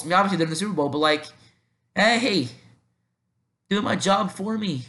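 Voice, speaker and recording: A man's voice: a little high, moderate pace, pushed and bright. Rambling man on an echoey podcast. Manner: rambling, self-deprecating, thinking aloud with many fillers. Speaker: podcast host. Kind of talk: casual solo podcast talk.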